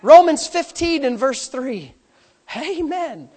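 A man preaching a sermon as pastor, repeating phrases in a rhythm, calling for amens, and swinging between hushed asides and loud outbursts. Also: very high-pitched, lively intonation, normal speed. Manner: repetitive, rhythmic phrasing with calls for amen.

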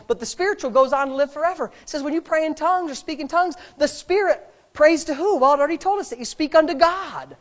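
Woman, minister, fervent sermon, emphatic, speaking in tongues, somewhat high voice. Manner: emphatic and fervent, with exclamations and repeated words; bursts into rapid speaking in tongues. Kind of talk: preaching and leading prayer in a church service.

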